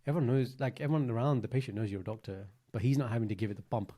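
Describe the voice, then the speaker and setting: A man in his thirties co-hosting a casual podcast. He tells stories in a lively, chatty way, full of "like" and "you know". His voice sits at an ordinary middle pitch for a man. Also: racing. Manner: chatty, animated storytelling with fillers. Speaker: podcast co-host. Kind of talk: casual chat.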